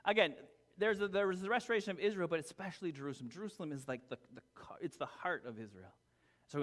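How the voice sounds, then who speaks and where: A man's voice: mid-range voice, quick pace, a bit bright. A man preaching a casual sermon, chatty and self-deprecating, full of asides and restarts. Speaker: pastor. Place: church hall. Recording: long hall reverb.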